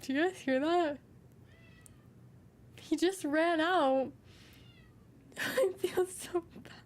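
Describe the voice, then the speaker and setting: A woman with a high, bright-pitched voice chats casually to her stream from her room at home. She gushes and dotes, slipping into sing-song baby talk. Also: drawn-out words. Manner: gushing, doting, baby-talks to her cat. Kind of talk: casual chat with viewers.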